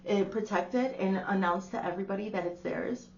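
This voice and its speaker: A woman's voice: medium pitch, fairly quick, darkish tone, dull audio, a little hiss or hum. Chatty woman giving a tarot reading. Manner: chatty, exclaiming, calls the listener darling. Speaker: tarot reader. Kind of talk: casual spiritual reading to camera.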